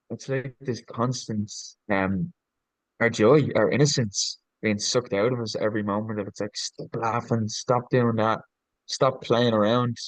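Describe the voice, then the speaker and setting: Earnest, low-voiced man thinking aloud. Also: no room sound, low-quality recording. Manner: searching and earnest, many restarts and ums. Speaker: podcast guest, leadership coach. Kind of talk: reflective podcast conversation.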